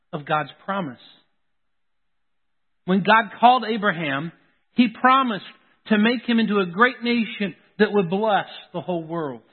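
A man's voice: high voice, big-room sound. A man preaching a sermon as a pastor, earnest and repeating key phrases for emphasis. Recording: tinny phone-like sound.

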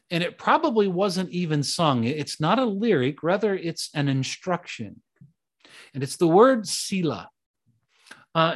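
A man, a pastor, delivering a sermon with dramatic repetition, slowing down for emphasis and dropping to hushed tones when telling stories. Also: on the high side. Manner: dramatic preaching with slow, emphatic repetitions and hushed storytelling passages.

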